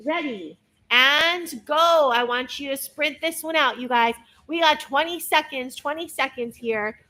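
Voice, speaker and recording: A woman's voice: sits high, sharp tone, poor audio. A young woman coaching a workout class, upbeat and encouraging as she counts down each interval. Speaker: fitness instructor.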